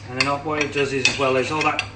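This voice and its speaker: A man's voice: medium pitch, little pitch movement, fast, reverberant, distant mic, very noisy. A man with an English accent explaining a recipe as he cooks it live, chatty, with lots of ums. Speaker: cooking demonstrator. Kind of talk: casual live cooking demo. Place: home kitchen.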